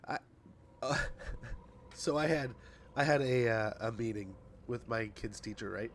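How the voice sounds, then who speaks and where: A man's voice: medium pitch, measured pace, slight background noise. A man in his livestream chat, reading patch notes aloud in an ordinary, mid-range voice. He rambles, trips over words and laughs at his own slips as he goes. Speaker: streamer.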